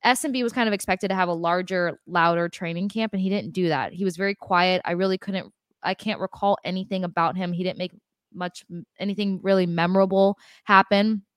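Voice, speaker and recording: Woman, sports podcast co-host, emphatic and lively, slightly low voice, dry recording. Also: fairly quick, clear, resonant tone, no echo. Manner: lively, emphatic, addresses fans directly. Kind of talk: casual sports chat.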